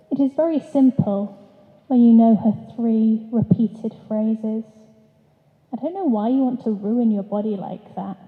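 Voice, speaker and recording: A woman reads her poetry aloud at a live event, slow and deliberate, her raised voice held in a flat, even line. The sound is thin and phone-like, and a long echo hangs in the hall around her. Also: a little high. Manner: measured, deliberate reading with brief asides between sections. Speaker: poet. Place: festival event venue. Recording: tinny echoey hall recording.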